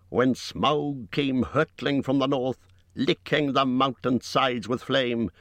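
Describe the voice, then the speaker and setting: A man reading an audiobook in measured, dramatic storytelling, recorded on a close studio mic. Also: medium pitch, no room sound. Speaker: audiobook narrator. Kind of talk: scripted audiobook narration.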